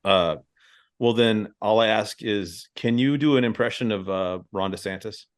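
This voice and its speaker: A man's voice: on the low side, normal speed, clean tone. A man hosting a podcast in casual chat, profane, rambling and laughing often. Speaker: podcast host.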